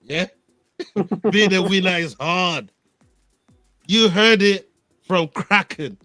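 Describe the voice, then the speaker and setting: A man with a somewhat high voice hosts a loose fight-night podcast, poking fun at his co-hosts and pushing them to answer. His sound is dry and close, with faint music underneath. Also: slow, bright, forceful tone, no echo. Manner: teasing, needling, laughs at others. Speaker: MMA podcast host. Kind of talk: casual sports banter.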